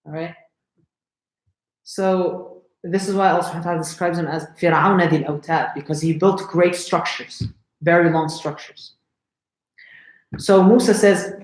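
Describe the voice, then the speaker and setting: A man's voice: fairly high pitch, fairly even intonation, normal speed, pauses often, reverberant, low-quality recording. A man telling a religious story to a live group, conversational and often checking in with his listeners. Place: lecture room.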